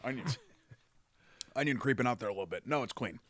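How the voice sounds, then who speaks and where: Chatty man, bright voice. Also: medium pitch, a little fast, no echo, clean studio sound. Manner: chatty, reads sponsor plugs with enthusiasm. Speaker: podcast co-host. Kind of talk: casual sports chat.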